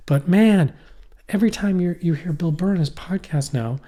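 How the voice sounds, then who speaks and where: A man's voice: high voice, moderate pace, warm tone. A middle-aged man co-hosting a podcast in casual chat, rambling and profane, often trailing off and restarting. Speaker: podcast co-host. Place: poorly heated shack.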